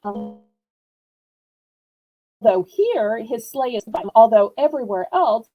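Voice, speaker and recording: Lady running a live auction stream, talks real slow, chatty with the viewers, kinda high voice. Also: animated, dull audio. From New Orleans, USA.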